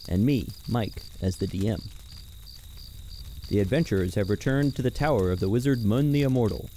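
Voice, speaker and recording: Male game master, low mellow voice, scripted recap, faint hiss behind. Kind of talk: scripted narration.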